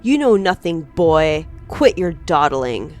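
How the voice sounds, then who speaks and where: Woman putting on a slow, taunting male killer. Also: low voice, sing-song, a little mellow, soft background music, exaggerated voice. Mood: scornful. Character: cold menacing male killer, mocking and calm.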